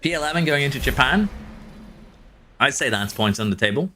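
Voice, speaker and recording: A man's voice: mid-range voice, lively intonation, a little fast, bright, forceful tone, slight background noise. A Norwegian man, a streamer, chatting casually with his live audience while playing, answering chat and chuckling often. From Norway.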